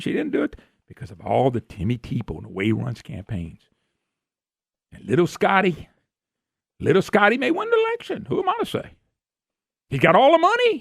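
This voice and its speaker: A man's voice: very high voice, gravelly, a bit bright, no echo, clean studio sound. A man hosting talk radio, folksy, sarcastic and ranting. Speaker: radio talk show host. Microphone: studio microphone.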